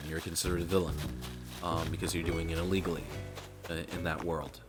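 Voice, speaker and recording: A man's voice: low voice, little pitch movement, a little fast. A man streaming and chatting casually, rambling and profane, laughing often. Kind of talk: casual chat while gaming. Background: music.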